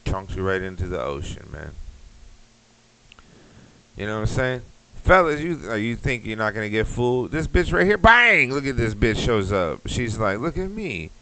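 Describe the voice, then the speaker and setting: Crude rambling man with a deep voice. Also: very animated, normal speed, pushed and bright, a little hiss or hum, rough recording. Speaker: podcast host. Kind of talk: comedic rant.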